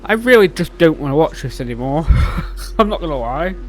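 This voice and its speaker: A man hosting a reaction video, excitable, swinging between shouts and mutters as he reacts to a series. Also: on the high side, moderate pace.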